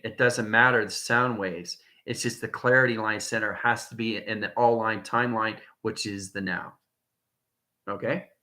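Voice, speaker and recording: Rambling man in an echoey room. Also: on the low side. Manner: rambling, chuckles often, jumps between soft and loud. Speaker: channel host. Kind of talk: rambling spiritual monologue.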